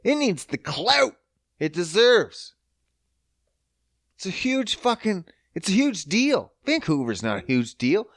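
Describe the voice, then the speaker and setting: Alone on his podcast, a man from Prince Edward Island, Canada, delivers a profane, mock-heated rant, cursing nonstop with loud, animated swings in pitch as he gets worked up. He speaks slowly, close-miked, and the sound is dry and dead with no echo.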